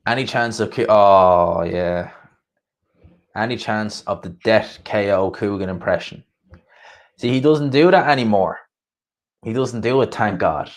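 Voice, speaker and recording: A chatty man hosts a boxing livestream, rambling loosely through viewer comments with frequent laughs. His voice sits fairly low. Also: measured pace, long pauses. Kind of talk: casual chat reading viewer comments.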